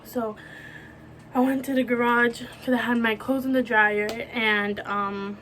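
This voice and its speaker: A young woman telling a personal story on her vlog, emotional and halting, with many restarts and filler words. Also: a little high, steady tone, fairly bright tone, slight background noise. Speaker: vlogger.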